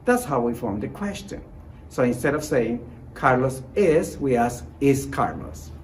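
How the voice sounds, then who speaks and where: Lively, encouraging male Spanish teacher. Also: mid-range voice, slight background noise, low-quality recording. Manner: encouraging, repeats short praise and reassurance; models example sentences slowly and clearly. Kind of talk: recorded online language lesson.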